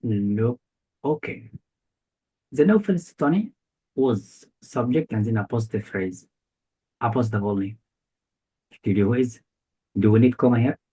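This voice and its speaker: A man's voice: mid-range voice, animated, measured pace, long pauses, mellow, slightly rough, poor audio. A male tutor giving a one-on-one grammar lesson, quizzing his student with short repeated questions. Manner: quizzing, repetitive questions, non-native phrasing. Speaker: English test tutor.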